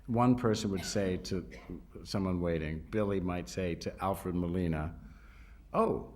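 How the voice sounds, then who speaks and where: A man's voice: low voice, moderate pace, darkish tone. A man being interviewed on stage at a live event, telling self-deprecating anecdotes and laughing through them. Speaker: actor and director guest at a festival talk.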